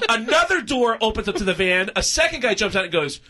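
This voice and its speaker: A man, a comedian, telling a long story on a radio show, acting out everyone's lines, often laughing and shouting. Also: big pitch swings, fast. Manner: acts out other people's lines with big pitch swings, laughing and shouting. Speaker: comedian guest. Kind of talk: animated comic storytelling. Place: radio studio.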